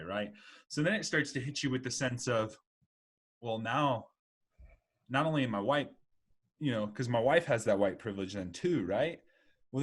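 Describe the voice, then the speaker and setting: A man's voice: mid-range voice, slightly rough. A man in his twenties co-hosting a podcast, talking earnestly and reflectively in casual conversation with lots of filler words. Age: 20s. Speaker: podcast co-host.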